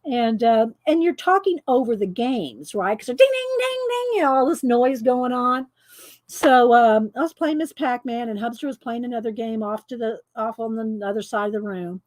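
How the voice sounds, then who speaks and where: A woman's voice: fairly high pitch, moderate pace. Chatty, laughing woman storyteller. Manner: chatty storyteller who laughs often and talks loud. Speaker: coloring video host. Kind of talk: casual chat while coloring.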